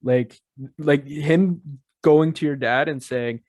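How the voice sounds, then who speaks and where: A man's voice: fairly high pitch, slow, darkish tone, no room sound. Young podcast guy cracking jokes at his friend's story, dry mic. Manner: joking reactions, laughing along. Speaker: podcast co-host. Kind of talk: casual chat.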